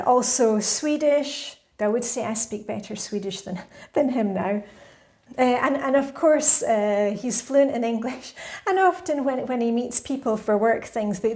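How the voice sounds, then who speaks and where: A woman's voice: fairly high pitch, a little mellow. Chatty middle-aged woman vlogger. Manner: chatty, laughs often between points. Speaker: lifestyle vlogger. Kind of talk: casual Q&A chat to camera.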